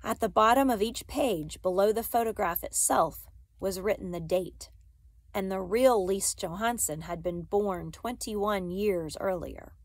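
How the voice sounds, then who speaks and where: A woman reads a novel aloud at a measured pace, careful over each sentence and correcting the odd slip. Her voice sits at an ordinary middle pitch. The recording is dry and close. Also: dry recording. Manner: careful, with small slips and self-corrections. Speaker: reader.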